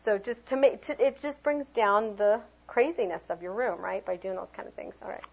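Middle-aged woman teacher running a workshop, lively demo voice, slightly muffled lo-fi recording. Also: medium pitch, brisk, vocal fry. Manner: animated, acts out sounds and voices for children. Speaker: preschool teacher leading a workshop. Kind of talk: teacher training talk with demonstrations.

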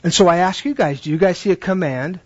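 Husky high-voiced man teaching. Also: fast, lo-fi sound. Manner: acts out classroom exchanges, asks questions. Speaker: Bible teacher training teachers. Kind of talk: conversational teaching talk.

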